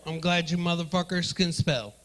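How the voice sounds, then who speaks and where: A man doing profane stand-up comedy in a club, riffing loudly with the crowd. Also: on the high side, moderate pace, a little hiss or hum. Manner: loud, profane, riffing with the audience. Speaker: stand-up comedian hosting the night.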